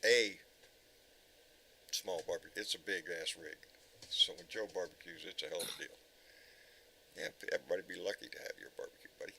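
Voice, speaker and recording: A man's voice: low-pitched, fairly quick, creaky, pauses often, pushed and bright, slight background noise, poor audio. A man hosting a casual livestream chat, bantering and joking. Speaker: host.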